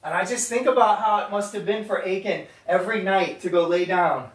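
A man's voice: high-pitched, a little fast, hardly any pauses. A man giving an emphatic, conversational sermon to a gathering in a meeting room. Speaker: preacher. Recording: echoey room, voice from far off.

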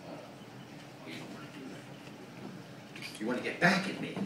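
A man's voice: lowish voice, sing-song, unhurried. A man doing a rambling stand-up set, swinging between mumbling and ranting, recorded from far off in a small club. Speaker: stand-up comedian. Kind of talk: open-mic stand-up set. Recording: echoey club from far off, noisy.

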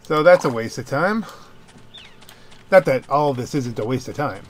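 A man giving casual let's play commentary, musing aloud in a wry, unhurried way. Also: mid-range voice, lively intonation, slight background noise. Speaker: game player.

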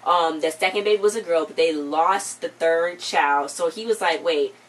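A woman co-hosting a casual TV recap chat, retelling scenes in an animated way and voicing the characters' lines. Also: lowish voice, moderate pace. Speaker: co-host reviewing a TV episode. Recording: distant mic with faint background noise.

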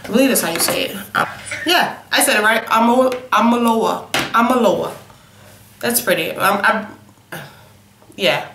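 Sniffly with a cold, a young beauty vlogger reviews makeup in a sassy, casual way, addressing viewers as "honey" and "y'all." Her voice is fairly high and fairly bright at a normal speed, with reverberation and slight background noise.

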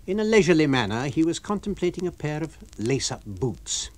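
A man reading a novel aloud for radio, with an expressive, varied storytelling delivery. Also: fairly high pitch, a little fast. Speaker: reader.

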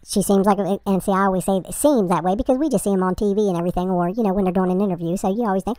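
A woman's voice: mid-range voice, very fast, few pauses, mellow, no room sound. A woman hosting a reaction video, chatting bluntly and rambling through asides. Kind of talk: casual reaction commentary.

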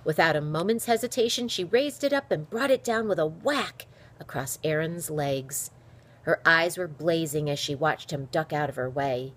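A woman reading a children's novel aloud with expressive storytelling. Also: sits low, normal speed. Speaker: reader.

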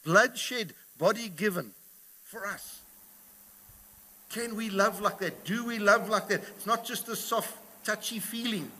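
A man preaching a sermon, speaking with passion and getting louder as he retells the stories. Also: high voice, unhurried. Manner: impassioned, rising in volume when retelling stories. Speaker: pastor.

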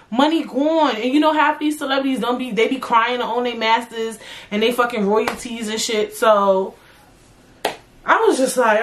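A young woman hosting her own podcast, ranting in a blunt, profane, animated way about music and celebrities. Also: fairly high pitch. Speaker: podcast host. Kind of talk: casual solo podcast rant.

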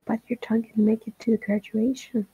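A woman with a gravelly voice voicing an earnest teenage schoolgirl in a fan dub of game dialogue, pleading and gentle by turns. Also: a little high, little pitch movement, brisk, phone-quality sound. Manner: dubbing game lines with emotional pleading.

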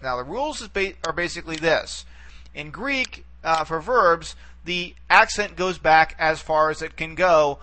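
Guy teaching a video lesson, kinda bright voice, slightly high, keeps saying okay?. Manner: patient, repeats words and checks in with frequent "okay?". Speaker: Greek language teacher. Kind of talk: recorded video lecture.

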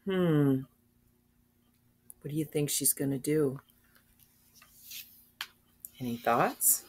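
An older woman reading a children's storybook aloud, gently asking her young listeners questions. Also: low-pitched, steady tone, slow. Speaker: storybook reader.

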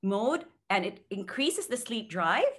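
A woman sleep expert talks through her advice with an easy, chatty warmth. She leans on her words for emphasis and laughs lightly between points. She has a mid-range voice. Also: medium pitch, very animated, takes it slowly. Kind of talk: casual podcast advice.

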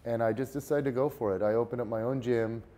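A man who is a fitness entrepreneur, a guest on a podcast interview, telling stories in a lively way and often restarting his words. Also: mid-range voice, fast talker. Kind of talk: casual interview storytelling.

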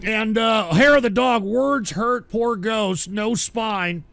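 A man's voice: high voice, takes it slowly, vocal fry, fairly bright tone, slight background noise. A man hosting a live-stream talk show, cursing angrily and erratically as he reads out viewer donations. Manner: angry, cursing, erratic, breaks into singing. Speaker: livestream talk show host. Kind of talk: profane live-stream rant reading donations.

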